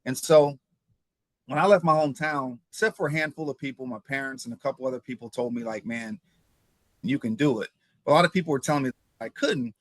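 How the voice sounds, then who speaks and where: A man's voice: mid-range voice, quick pace, no room sound. Dry-sounding storytelling man from Ohio. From Ohio, USA. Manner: animated storyteller, stumbles and repeats words. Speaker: former pro football player, guest. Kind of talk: interview storytelling.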